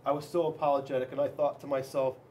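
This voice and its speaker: A man, a police officer, reading a children's storybook aloud in an expressive, dramatic way with big swings in loudness. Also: mid-range voice, quick pace.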